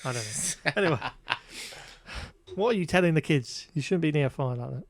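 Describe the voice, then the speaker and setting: A man co-hosting a casual podcast walks through a film with wry exasperation, filling his speech with fillers. His voice is high-leaning, animated, and creaky, at a moderate pace, with no room sound.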